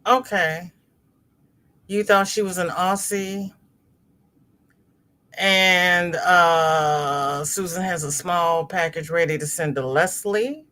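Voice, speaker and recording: Slow-talking woman livestream host. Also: on the low side. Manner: chatty and expressive, with sudden exclamations. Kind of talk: casual livestream chat, reading viewer comments aloud.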